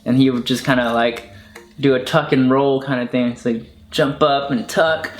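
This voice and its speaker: A young man talks through his childhood toys in a loose, rambling way, with plenty of fillers. His voice sits at an ordinary middle pitch. The room has a noticeable echo, and soft music plays underneath. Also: fairly even intonation, normal speed. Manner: rambling and enthusiastic, full of "like" fillers. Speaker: online video creator. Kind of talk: casual chat showing toys. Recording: echoey room with faint music.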